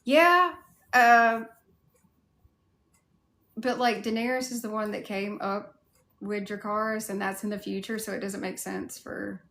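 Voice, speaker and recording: Speaking at a medium pitch and a normal speed, a woman with a Southern US accent rambles through relaxed livestream chat, answering viewers one comment at a time with plenty of "like" fillers. A gravelly fry runs through her voice, and a roomy echo surrounds it.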